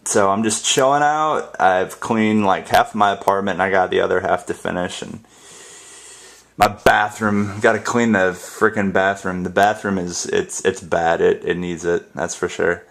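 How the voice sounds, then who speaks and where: A man's voice: low voice, steady tone, normal speed, vocal fry, a bit bright. A young American man chatting casually on camera at home, rambling with many fillers and restarts. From United States. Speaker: ASMR vlogger. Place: apartment.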